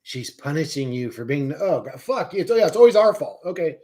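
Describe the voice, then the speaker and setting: A fairly high, sing-song, slightly mellow voice moves briskly with few pauses. The man is hosting a stream, swearing and mocking in a heated rant aimed at viewers, and chatting with people in the chat.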